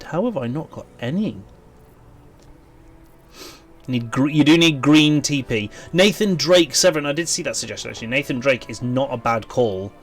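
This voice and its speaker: A man's voice: medium pitch, a bit bright. A man with a Welsh accent chatting casually with viewers while streaming a game, rambling and thinking aloud. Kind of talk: casual live-stream chat while gaming.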